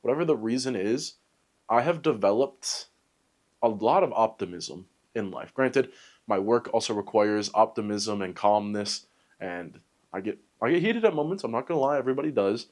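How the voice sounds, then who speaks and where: A young man with a fairly low voice chats through his day for a fitness vlog. He rambles in an upbeat way, fills pauses with um and uh, and makes small self-deprecating jokes. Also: expressive, a little mellow. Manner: rambling, upbeat, self-joking with many fillers. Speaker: fitness vlogger. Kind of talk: casual talk to camera.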